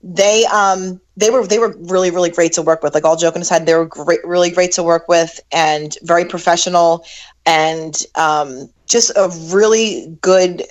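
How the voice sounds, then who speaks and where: A woman's voice: fairly low pitch, moderate pace. A middle-aged woman, a guest recording artist, chatting casually in an interview, with frequent restarts and easy laughter. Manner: chatty, laughs easily, many restarts and fillers.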